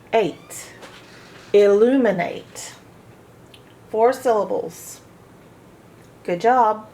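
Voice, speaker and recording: A woman teaching a phonics lesson to children, sounding out each word slowly, syllable by syllable. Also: medium pitch, a little mellow. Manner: slow, sounding out syllables one by one. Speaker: reading teacher.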